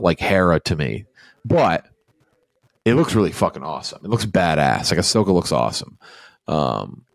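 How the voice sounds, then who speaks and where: A man's voice: deep voice, no room sound, studio quality. A man hosting a film podcast, rambling casually with many fillers, restarts and casual swearing. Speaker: podcast host. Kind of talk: casual chat.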